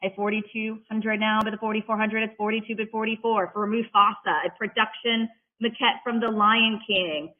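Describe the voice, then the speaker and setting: An auctioneer calling bids at a live auction in a rapid-fire chant, mixing in playful patter between the numbers. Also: mid-range voice, level tone. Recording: tinny phone-like audio.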